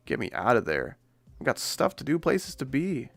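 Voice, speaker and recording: A man's voice: medium pitch, wildly swooping pitch, moderate pace, vocal fry, soft background music. A man streaming casual gaming commentary, rambling and joking at his own expense. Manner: rambling, jokey, self-deprecating.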